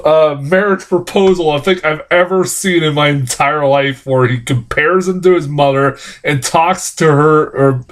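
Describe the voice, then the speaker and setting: A man's voice: a little slow, few pauses. A man giving a rambling, casual film review, swearing often and laughing at his own points. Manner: animated, jumps high in pitch when exclaiming.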